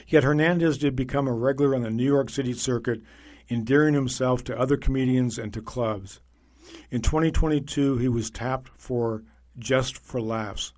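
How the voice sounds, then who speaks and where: Guy reading an article out loud, even steady delivery, mid pitch. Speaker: narrator reading a magazine feature aloud. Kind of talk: scripted narration.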